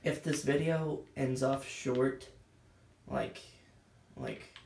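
A man rambles through his gameplay commentary in a slow, gravelly voice, losing his train of thought and mocking himself. He sounds a little winded. The recording is roomy and echoey, with a faint hiss of background noise underneath. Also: mid-range voice, steady tone. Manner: scattered, self-deprecating, thinks out loud. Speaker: gaming channel host.

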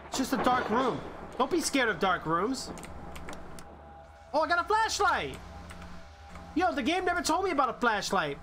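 Man, game streamer, excitable horror gameplay commentary, game music behind. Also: high voice. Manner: excitable, jumpy, reads game text aloud.

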